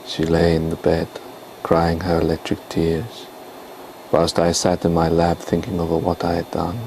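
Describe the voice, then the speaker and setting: A man reading a story in a put-on pseudo-Russian accent, voicing a remorseful male scientist in a slow, heavy delivery. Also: sits low, completely flat delivery, a little mellow, slight background noise, poor audio. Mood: brooding.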